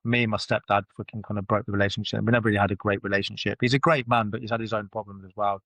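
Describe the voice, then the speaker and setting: A man's voice: lowish voice, level tone, very fast, gravelly, a bit bright, no room sound. A man telling his life story as a podcast guest, blunt and swearing freely, with loose run-on phrasing. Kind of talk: candid personal storytelling in conversation. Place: podcast studio.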